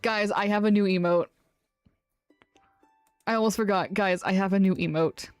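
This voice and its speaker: A chatty woman storyteller who pokes fun at herself between scenes. Her voice sits at a middling pitch and she laughs easily. Soft music hums faintly in the background. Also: normal speed, clear, resonant tone, no room sound. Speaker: solo storyteller and streamer.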